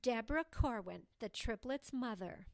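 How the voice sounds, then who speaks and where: Woman doing gossipy girl, sing-songy, slow and kinda high, dry audiobook sound. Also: animated, creaky, dry recording. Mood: chattering. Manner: sing-song, chattering. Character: gossipy prattling young girl, self-important. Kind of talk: audiobook dialogue reading.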